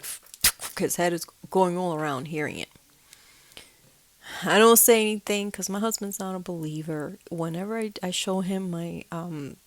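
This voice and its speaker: A woman telling a personal story in a casual, animated way, mimicking sounds and dropping into whispers for tense moments. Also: medium pitch, no room sound. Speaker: storyteller of a ghostly experience.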